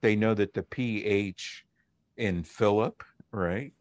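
A man who is a linguist guest, explaining on a call-in radio show in a measured, lecturing way with pauses. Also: fairly low pitch, no echo.

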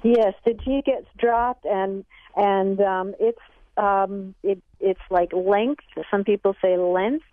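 A woman's voice: medium pitch, steady tone, slow pace, no room sound. Woman guest on a thin phone line. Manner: thoughtful, hesitant with many ums. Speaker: language expert guest. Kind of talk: call-in radio chat.

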